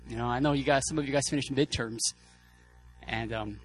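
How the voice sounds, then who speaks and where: A man preaching a sermon as a guest speaker, casual and excitable, with many fillers and restarts. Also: medium pitch, brisk, soft background music, poor audio. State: out of breath.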